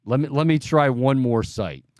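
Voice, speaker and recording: A male sports radio host talks in a loose, chatty way, stumbling and restarting as he thinks aloud. His voice sits at an ordinary pitch, and it comes across close and dry with no room around it. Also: expressive, normal speed, a little mellow, dry recording. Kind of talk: casual sports talk radio.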